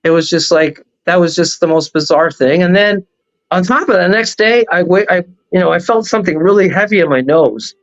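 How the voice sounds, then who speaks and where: Guy with a high voice rambling through a wild story, dull lo-fi sound. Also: a little fast. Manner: animated, rambling storyteller with laughs. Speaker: guest. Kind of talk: casual storytelling on a talk show.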